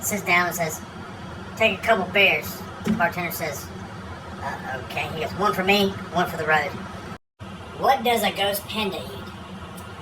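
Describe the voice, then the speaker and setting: A woman's voice: on the low side, far from the mic, background noise. A woman telling a string of one-liners and dirty jokes in a dry, matter-of-fact way. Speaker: joke teller. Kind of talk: deadpan joke telling.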